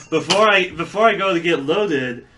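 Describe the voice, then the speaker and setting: A man's voice: high-pitched, lively intonation, a little slow, far from the mic, crowd noise. A man from South Dakota, a truck driver, telling rambling anecdotes in a casual podcast chat. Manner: rambling anecdotes with fillers and restarts.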